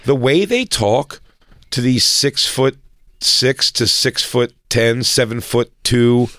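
A man in loose comic banter, rambling and profane, now and then slipping into mock voices of the people he describes. His voice sits at an ordinary male pitch. The sound is dry and close. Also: slow, a bit bright, no echo. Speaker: podcast co-host. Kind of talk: casual comedic chat.

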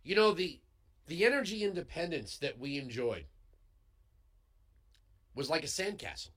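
Heated bright-voiced male talk host. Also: a little high, big pitch swings, normal speed. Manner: heated, emphatic, swings into yelling. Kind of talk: political commentary monologue. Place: radio studio. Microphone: studio broadcast microphone.

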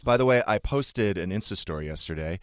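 A man co-hosting a radio talk show, chatting casually and telling animated stories with quoted dialogue. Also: lowish voice, a little fast, no room sound, clean studio sound. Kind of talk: casual chat.

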